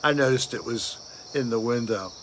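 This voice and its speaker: A man's voice: medium pitch, normal speed, background noise. A man hosting a casual late-night livestream, rambling and answering viewer comments aloud. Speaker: livestream host reading viewer chat.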